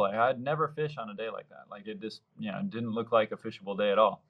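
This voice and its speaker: Fast-talking and fairly low-pitched, this man in his thirties comes across in dull audio. He's a surf fishing guide telling stories casually in a podcast interview, vividly performing the quoted dialogue.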